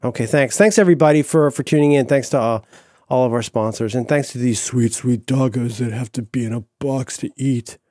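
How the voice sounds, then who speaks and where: A man's voice: medium pitch, a little fast, no echo, studio quality. A middle-aged man co-hosting a podcast in casual comedic chat, gushing and stammering through restarts. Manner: animated, gushing, mock-wistful, stammering restarts. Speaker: podcast co-host.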